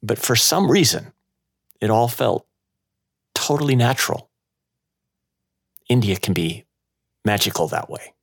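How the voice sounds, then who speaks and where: A man hosting a podcast, narrating a personal story in a slow, measured way. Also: medium pitch, sing-song, gravelly. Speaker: podcast host.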